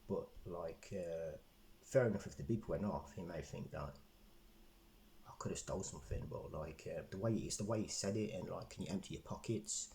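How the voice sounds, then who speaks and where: A man's voice: deep voice, normal speed, vocal fry, dark tone, slight background noise, low-quality recording. A man telling a rambling storytime vlog, repeating himself with lots of fillers. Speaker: vlogger.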